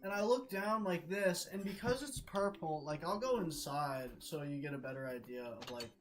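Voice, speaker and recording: A young male streamer retelling a multiplayer game mishap in an animated, laughing way, swearing constantly. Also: fairly high pitch, normal speed, slight background noise, poor audio. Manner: excitable, swears constantly, laughs between lines. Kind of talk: animated gaming story retelling.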